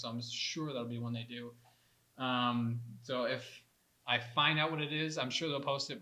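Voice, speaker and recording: A man's voice: medium pitch, sharp tone. A man co-hosting a hockey podcast in a casual, rambling way, often saying "dude". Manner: laid-back, rambling, laughs often, says "dude". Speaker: podcast co-host; veteran warrior hockey organizer.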